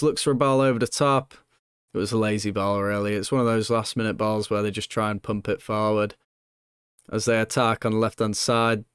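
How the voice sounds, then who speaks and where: A young man commentating his own football management game, excitable and swinging between nervous hush and loud joy, swearing now and then. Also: on the low side, clean tone, no room sound, clean studio sound. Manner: excitable, swings from hushed nerves to shouting joy. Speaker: gaming YouTuber.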